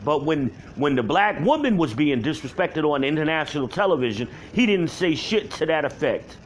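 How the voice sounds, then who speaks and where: A man delivering a heated, profane rant to camera, yelling at home by himself. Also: on the high side, big pitch swings, moderate pace, a little hiss or hum. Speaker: vlogger. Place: at home alone.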